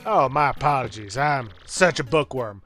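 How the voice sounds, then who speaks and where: A man's voice: medium pitch, expressive, normal speed, a bit bright, faint music behind, lightly acted. A man voicing an absent-minded old male professor, in a slightly southern old man voice. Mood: lecturing.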